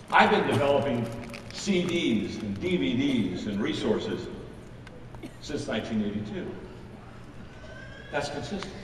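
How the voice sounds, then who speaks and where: A man's voice: on the high side, slight background noise. Older man speaking in a big echoing hall. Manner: folksy storytelling, quotes imagined audience voices. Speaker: keynote speaker. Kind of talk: motivational stage talk. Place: large event hall. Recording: echoey hall with crowd, from far off. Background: live audience laughter.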